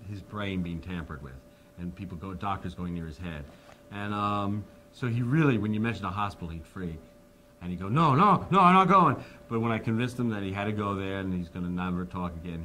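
A man's voice: lowish voice, slight background noise. A man in his fifties, interviewed, telling a long story and acting out the people he quotes. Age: 50s. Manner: animated, acts out the people he quotes. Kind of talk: anecdotal storytelling.

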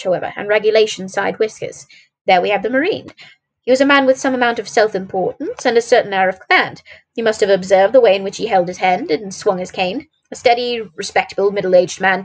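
A brilliant but arrogant detective , put on by a woman reading aloud, lays out his reasoning with sardonic scorn. The voice is husky and sits a little high. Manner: sardonic, boastful. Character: conceited brilliant male detective, brusque.

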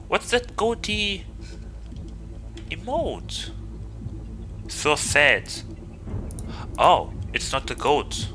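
A male game streamer with a German accent talks to his viewers in a loose, joking way. His voice sits a bit high and sounds very bright, and his pitch jumps around a lot. Faint music plays underneath. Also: big pitch swings, slow, pauses often, rough recording. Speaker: VTuber streamer. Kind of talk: gaming livestream chat.

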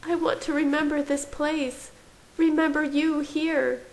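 High, pleading young vampire woman, frightened and breathless, as a female reader puts her on. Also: flat delivery, unhurried, darkish tone, poor audio. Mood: desperate. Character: young woman newly turned vampire, anxious and desperate.

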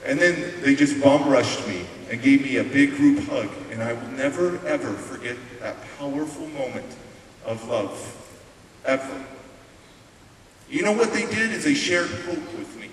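A man's voice: mid-range voice, unhurried. A middle-aged American man telling a life story in a conversational keynote speech. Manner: animated and conversational. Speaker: motivational speaker. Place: large hall. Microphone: distant room mic. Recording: echoey hall, distant mic, faint hiss.

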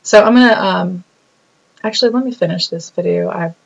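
A woman talking casually about her own hospital stay, telling stories with lively acted-out quotes. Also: a little fast, gravelly, muffled recording. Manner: animated storytelling, acts out quotes in a bubbly high voice. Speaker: vlogger reacting to her own video. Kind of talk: casual reflective chat.

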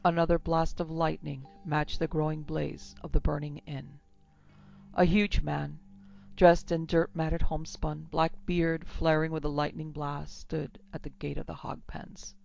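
A woman tells a horror tale in a steady, measured, gravelly voice that stays within a narrow range. The audio is a bit muffled, with faint music playing under the narration. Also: low voice. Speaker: narrator and producer. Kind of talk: scripted horror story narration. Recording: slightly dull lo-fi with music.

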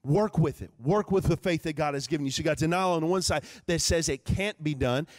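A man from Texas preaching a live sermon in a church, swinging between loud preaching and quiet, joking asides. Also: fairly high pitch, fairly quick, dry recording, studio quality. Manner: conversational, humorous, with many fillers. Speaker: pastor. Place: church sanctuary.

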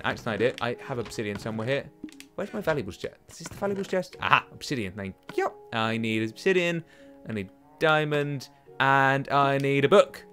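A man's voice: mid-range voice, fairly bright tone. A young man hosting a let's play from home, rambling to himself and taunting enemies as he plays. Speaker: gaming channel host. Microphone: desk microphone.

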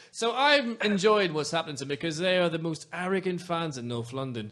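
A man in his forties hosting a podcast, animated and passionate, given to rants. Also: on the high side, brisk, few pauses, heavy background noise. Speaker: podcast host. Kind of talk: casual chat.

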